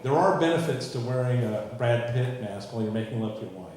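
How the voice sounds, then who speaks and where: A man in his forties doing a stand-up comedy set, with a dry, self-mocking delivery and dark punchlines. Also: mid-range voice, expressive, fairly quick. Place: comedy stage before a live audience. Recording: very echoey live room.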